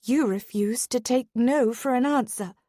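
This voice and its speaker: A woman reading a stubborn, defiant young lady whose lines rise sharp and heated in an audiobook. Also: a little high, measured pace, no room sound, studio quality, pitched above the performer's own voice. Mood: indignant.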